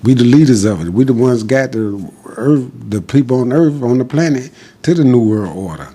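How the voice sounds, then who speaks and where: A man's voice: medium pitch, expressive, moderate pace, dark tone, breathy edge. A man giving an impassioned, defiant monologue as a podcast guest, preaching in short repeated declarations.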